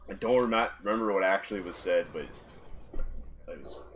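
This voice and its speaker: A man's voice: low-pitched, moderate pace, fairly bright tone, slight background noise. A man, a podcast guest, casually telling anecdotes in an easygoing way and laughing often. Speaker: podcast guest, former Marine. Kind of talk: casual storytelling.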